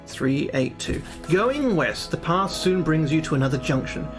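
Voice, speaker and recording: A man's voice: fairly high pitch, very animated, normal speed, over music. A man reading a fantasy gamebook aloud on a livestream, breaking off for casual, swear-filled chat with his viewers. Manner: chatty, swears freely, talks to his viewers. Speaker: livestreamer playing a solo gamebook.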